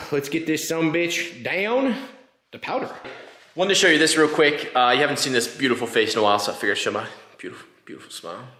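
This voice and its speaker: Roomy-sounding man venting in his garage. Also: medium pitch. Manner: frustrated, rambling, venting. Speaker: car builder and channel host. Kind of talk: casual garage vlog.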